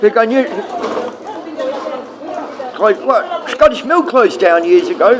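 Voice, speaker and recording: A man's voice: high-pitched, animated, normal speed, a crowd in the background. A middle-aged man livestreaming, rambling and swearing casually as he answers his viewers.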